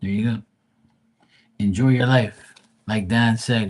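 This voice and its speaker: Husky low-voiced man chatting on a live stream. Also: fairly even intonation, slow, pauses often, darkish tone. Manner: loose, chatty, mild swearing, addresses viewers by name. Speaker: live-stream tarot reader. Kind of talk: casual live-stream chat with viewers.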